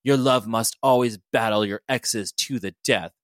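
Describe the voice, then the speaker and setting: A stern, bloodthirsty woman warrior with a solemn, clipped delivery, read by a man in a comic reading. The voice sits lower and quieter, with a dry sound. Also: normal speed, no echo, close to an everyday voice.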